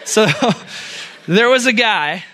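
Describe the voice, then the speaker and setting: A man preaching as a youth pastor, telling jokes and stories in an animated way. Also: high voice. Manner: animated, joking, fast storyteller. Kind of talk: sermon with humorous storytelling.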